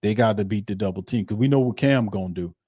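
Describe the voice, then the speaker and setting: A man with a lowish, mellow, slightly rough voice talks fast on a dry, studio-quality recording. Hosting a football commentary show, he comments casually on a played interview clip, speaking emphatically, repeating himself, and often ending sentences with "man."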